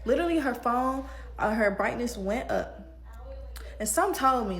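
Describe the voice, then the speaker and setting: A young woman hairstylist tells a casual storytime about a client in a slangy, animated, conversational way. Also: a little high, measured pace.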